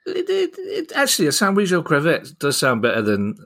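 A man's voice: fairly high pitch, huge pitch swings, a little fast, gravelly, fairly bright tone. A man hosting a podcast, bantering with his co-host in a wry, jokey way and introducing stories.

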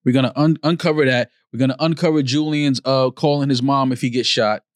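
A man's voice: mid-range voice, fairly even intonation, fairly quick, no echo, studio quality. A man co-hosting a podcast in casual group chat, blunt and dismissive, swearing a lot. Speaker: podcast co-host.

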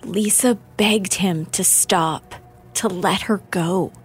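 A woman narrating a true-crime story in a measured, grave way. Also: mid-range voice, faint music behind. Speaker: documentary narrator and interviewer.

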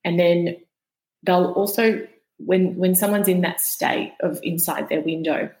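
Low-voiced woman explaining patiently. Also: steady tone, unhurried, a little mellow, roomy sound, low-quality recording. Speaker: podcast guest, vagus nerve educator. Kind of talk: explaining in a podcast conversation.

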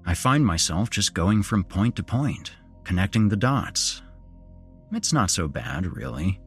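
A man's voice: low-pitched, sing-song, unhurried, faint music behind. A man telling a first-person horror story, dramatic and moving between wry asides and tension.

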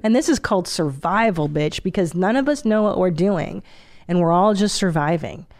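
A woman in her forties hosting a podcast, chatting casually in a blunt, profane, animated way. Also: on the low side, moderate pace. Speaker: podcast host. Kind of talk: casual chat.

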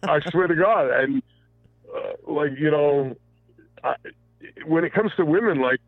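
Low gravelly man over a tinny phone line. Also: no room sound. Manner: halting, full of restarts and profanity. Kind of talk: casual confessional storytelling.

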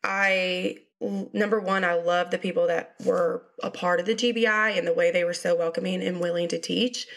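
Woman with a Georgia accent, relaxed. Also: on the low side, normal speed, vocal fry, hardly any pauses. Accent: Southern US (Georgia). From Georgia, USA. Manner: relaxed, uses fillers like um. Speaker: guest, state investigator. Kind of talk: casual interview.

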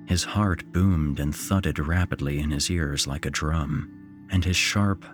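A man narrating a horror story in a slow, suspenseful way. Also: sits low.

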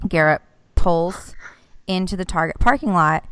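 A woman's voice: fairly low pitch, clean tone, no room sound. A woman in her thirties co-hosting a casual podcast chat, telling a story with lots of acted-out quotes and swearing. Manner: animated, swearing, acts out quotes. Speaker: podcast co-host.

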